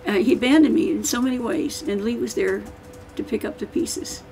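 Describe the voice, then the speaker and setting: A woman's voice: a little high, fairly quick, vocal fry, darkish tone, soft background music, poor audio. An older woman, an author, talking casually and emphatically to an audience, rambling and restarting as she goes. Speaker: author giving a book-signing talk.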